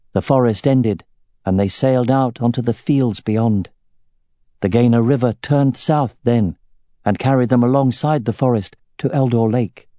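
Mellow-voiced man narrating a fantasy audiobook. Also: mid-range voice, no room sound.

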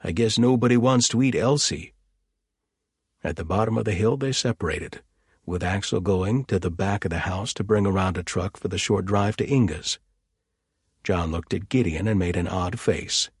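A male audiobook narrator with a low, husky voice. He reads in a measured, descriptive way. The sound is dry and close. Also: no echo.

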